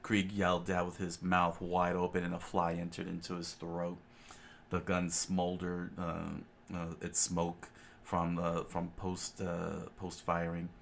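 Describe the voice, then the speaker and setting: A man reading a comic story aloud in a relaxed way, with fillers and casual asides. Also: low-pitched, a little slow, gravelly, slight background noise. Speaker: reader.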